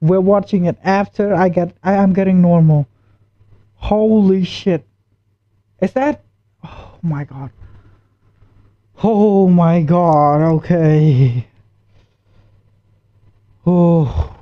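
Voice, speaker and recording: A woman's voice: lowish voice, extremely slow, pauses often, no room sound. A woman streaming a live reaction, stammering and repeating herself as she gets spooked. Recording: dull lo-fi stream mic.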